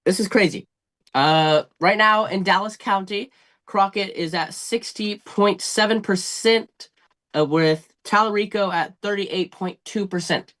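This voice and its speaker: A man co-hosting a live stream, reading election numbers in a halting way with many fillers. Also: high-pitched, fairly bright tone. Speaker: co-host reading results. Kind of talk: live results commentary.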